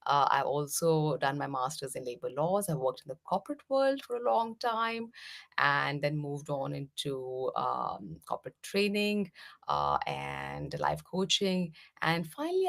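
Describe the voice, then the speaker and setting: Low, gravelly-voiced woman from India. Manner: gentle, explanatory, many "uh" fillers. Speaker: meditation teacher, guest. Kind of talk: podcast interview answers.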